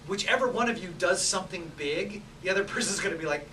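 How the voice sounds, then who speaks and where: High-voiced upbeat male improv teacher. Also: fast, bright, forceful tone. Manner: upbeat, laughs often, loose and chatty. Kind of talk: coaching an improv class. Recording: roomy, distant mic, noisy.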